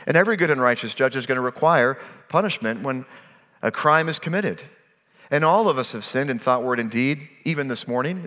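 A man preaching a sermon, earnest, slowing down to stress key phrases and letting his voice fall at the ends of lines. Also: mid-range voice, bright, forceful tone, long reverb tail. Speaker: pastor.

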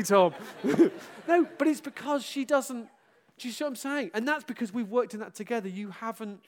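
A very high voice carries this middle-aged pastor's farewell address to his church. He is animated and self-mocking throughout, breaking into loud exclamations and bursts of laughter.

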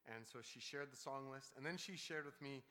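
A man's voice: mid-range voice, fairly quick, sharp tone. A man preaching a sermon as pastor, earnest and repeating words when emphatic. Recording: long hall reverb.

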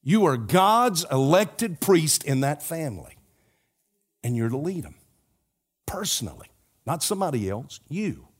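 A man's voice: on the high side, big pitch swings, measured pace, long pauses, husky. An older man preaching a sermon to his congregation, with an earnest, repetitive cadence and folksy asides. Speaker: pastor.

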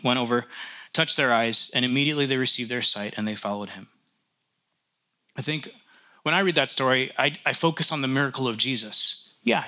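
A man's voice: medium pitch, bright, forceful tone. A man preaching a sermon as a pastor, conversational and lightly joking, often restarting his sentences.

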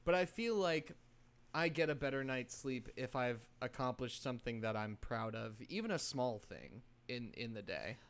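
Laid-back young man, lively voice. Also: medium pitch, moderate pace. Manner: relaxed, swears, laughs often. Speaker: podcast co-host. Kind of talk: casual chat.

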